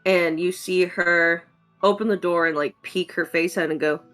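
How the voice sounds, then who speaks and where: Game master, woman, lowish voice, bright and forceful, chatty narration. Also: fairly even intonation, moderate pace, faint music behind. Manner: chatty, many "um"s and "like"s.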